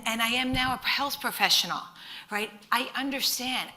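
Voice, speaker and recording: A middle-aged woman nutritionist giving an enthusiastic, chatty conference talk, self-deprecating and often checking in with "right?". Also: on the high side. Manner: chatty, animated storytelling with frequent rhetorical "right?".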